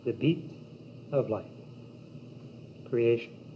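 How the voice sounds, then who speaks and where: A man giving a yoga teaching talk in a slow, measured, meditative way, with long pauses between words. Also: medium pitch. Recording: dull old cassette tape with faint hiss.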